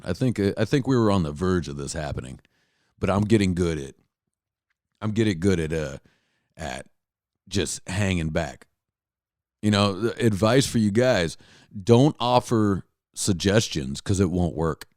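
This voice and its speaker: Podcast host, male, lowish voice, blunt profane rambler with lots of restarts, close dry mic. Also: a little mellow, dry recording. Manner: blunt, exasperated storytelling. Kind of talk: solo comedic rant.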